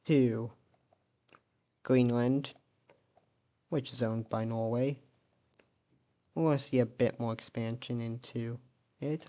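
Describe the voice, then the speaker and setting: Slow, easygoing man narrating a map. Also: mid-range voice, muffled recording. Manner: relaxed, thinking aloud, self-correcting. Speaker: map video creator. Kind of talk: casual narrated map commentary.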